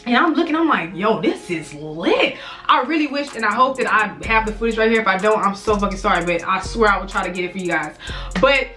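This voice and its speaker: A woman's voice: mid-range voice, quick pace, pushed and bright, faint music behind. A young woman in her twenties, a vlogger telling a casual, profane storytime full of fillers.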